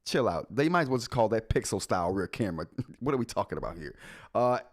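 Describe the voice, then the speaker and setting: A man's voice: lowish voice, big pitch swings, fast. A man hosting a live tech show, chatting casually with his viewers, joking and laughing often. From United States. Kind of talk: casual live-stream chat.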